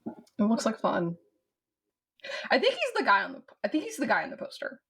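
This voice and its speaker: A woman's voice: a little high, wildly swooping pitch, moderate pace, gravelly, a bit bright, slightly rough. A woman from the States, co-hosting a podcast in casual chat, rambling with fillers. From southern United States. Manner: rambling, with many fillers and restarts. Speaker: podcast co-host. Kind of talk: casual chat about a film.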